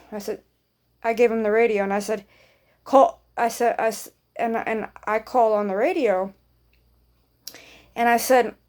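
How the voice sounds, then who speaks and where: A woman vlogger tells a long personal story in a loose, casual way. She rambles, swears freely and acts out each person's lines. Her voice sits a little high. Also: darkish tone.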